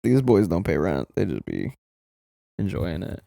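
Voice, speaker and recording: A man's voice: low-pitched, wildly swooping pitch, unhurried, creaky, dark tone, no echo, studio quality. A young man hosting a podcast in casual chat, laid-back, laughing often and trailing off mid-sentence. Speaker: podcast host.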